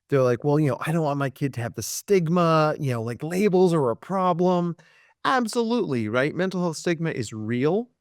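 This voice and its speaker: Animated male psychologist telling stories. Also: dry recording, studio quality. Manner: animated storyteller, acts out quotes with big pitch jumps. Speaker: clinical psychologist guest. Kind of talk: podcast interview.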